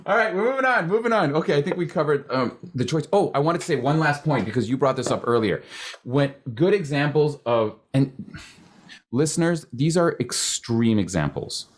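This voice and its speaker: A man's voice: a little high, lively intonation, normal speed, a little hiss or hum. A man hosting an acting podcast in a casual interview chat, rambling and restarting his sentences, speeding up as he tells stories. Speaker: podcast host.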